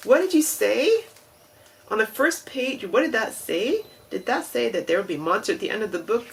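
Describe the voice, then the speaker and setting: Lady doing a jittery squeaky little monster guy, panicky and fretful, storybook style. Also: lively intonation, moderate pace, gravelly, rough recording. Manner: frantic, fretful, high-pitched reading. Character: anxious furry male monster, panicky and excitable.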